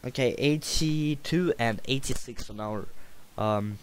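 A man's voice: mid-range voice, a little slow, a little hiss or hum, poor audio. A man doing a put-on Russian accent while casually commentating a video game, playful and jokey. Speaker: gamer.

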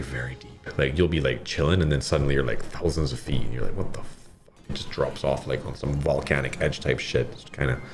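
Streaming slots, this young Barbadian man rambles in a casual way, cursing heavily and breaking into sudden shouts. He has a bass voice.

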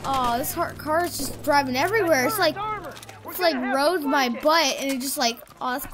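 A woman giving chatty, rambling commentary while playing a video game, breaking into excited yelps. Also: high-pitched, moderate pace, crowd noise. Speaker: gaming commentator. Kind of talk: casual gameplay commentary. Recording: loud background noise.

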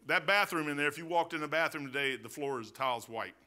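A pastor giving a folksy, animated sermon, peppered with "man" and changes in loudness. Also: a little high, fast.

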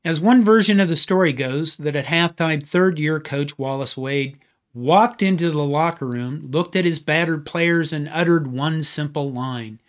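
A man's voice: a little high, measured pace. A man hosting a history channel, giving a scripted narration with conversational, wry asides.

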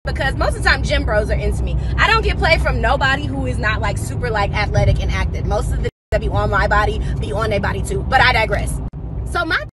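A woman telling a comic story in a casual, animated, slangy way. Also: a little high, fast talker, a loud crowd, heavy background noise. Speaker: storyteller in a social media clip.

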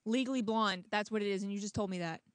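A woman's voice: mid-range voice, fast talker, dry recording. A young woman hosting a prank-call show, chatting in a rambling, self-questioning way. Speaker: host. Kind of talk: casual chat.

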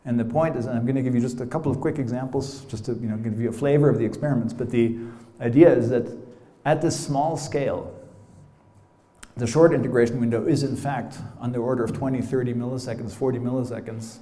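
In a roomy hall with a clear echo, a middle-aged American man delivers an academic lecture in a mellow, dark, mid-range voice. He speaks fast and in a steady tone, loose and playful, with plenty of "you know" asides.

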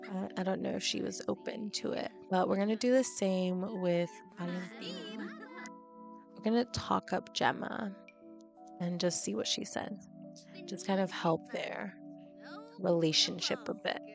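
A woman's voice: mid-range voice, steady tone, unhurried, vocal fry, long pauses, music in the background. A young woman giving casual commentary over a life-sim game, giggly and reactive, laughing and exclaiming often. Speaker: let's play host.

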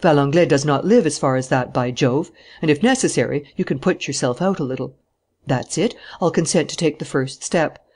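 A reader doing a self-assured gentleman thief in an audiobook, ceremonious and mocking. He stays grandly polite while teasing everyone around him. The pitch sits in a middle register. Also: animated, moderate pace. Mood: jaunty mocking. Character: jaunty gentleman thief, adult man, supremely confident. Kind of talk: audiobook character voice.

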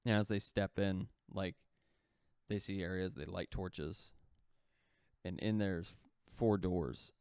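Male podcast co-host, deep and smooth, loose rambling storyteller, close dry mic. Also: darkish tone, dry recording. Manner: loose rambling retelling, heavy on "like" fillers. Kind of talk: casual storytelling.

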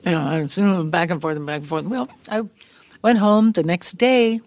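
An older woman guest talking in a large studio room, a lively storyteller who acts out quotes, her voice a little harried. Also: fairly low pitch, moderate pace, no room sound. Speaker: guest actress. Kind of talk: casual storytelling interview.

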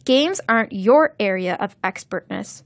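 A woman's voice: a little high, animated, normal speed, fairly bright tone, dry recording. A woman voicing an irritated, defensive boy of about twelve in a storybook reading. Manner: sulky and indignant.

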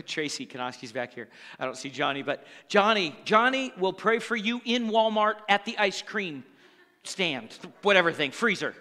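High, bright-voiced pastor preaching in a hall. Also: male voice, big pitch swings, moderate pace. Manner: conversational preaching with call-and-response asides. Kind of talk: sermon. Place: church sanctuary.

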